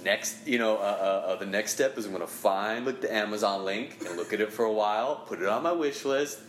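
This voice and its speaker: A man's voice: fairly low pitch, steady tone, moderate pace, reverberant, a little hiss or hum. Candid, joking man. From Ohio, USA. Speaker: guest comedian. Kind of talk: casual podcast conversation.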